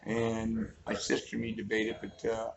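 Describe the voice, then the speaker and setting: A man in his fifties with a gravelly, creaky voice spins joking, folksy stories in a casual chat. A crowd murmurs steadily behind him. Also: on the low side, monotone, normal speed, dull audio. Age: 50s. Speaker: interviewee. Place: roadside outdoors.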